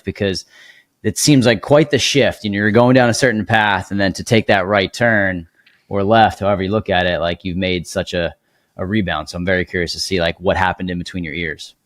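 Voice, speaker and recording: A man with a low voice hosts a podcast interview, recorded dry and close. He asks long questions that wander, with lots of pauses and fillers. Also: dry recording. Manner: rambling, hesitant questions with many fillers. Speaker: podcast host.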